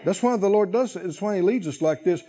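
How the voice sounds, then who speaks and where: A man's voice: high voice, fast talker, warm tone, lo-fi sound. A male preacher delivering a rousing sermon, calling out to the congregation and laughing often.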